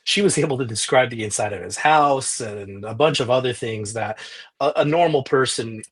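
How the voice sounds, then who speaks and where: A man's voice: medium pitch, normal speed, husky. A man, a journalist guest on a podcast, telling a story in detail with frequent restarts and quoted back-and-forth dialogue.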